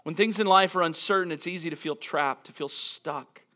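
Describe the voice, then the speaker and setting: Man, pastor, sermon, earnest, reflective, slightly high voice. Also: pushed and bright. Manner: earnest, reflective, with frequent restarts and dramatic slowdowns.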